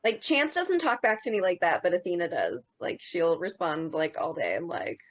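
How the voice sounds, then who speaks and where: A woman's voice: fairly low pitch, sing-song, moderate pace. Rambling woman with many fillers. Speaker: podcast co-host. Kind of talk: casual chat.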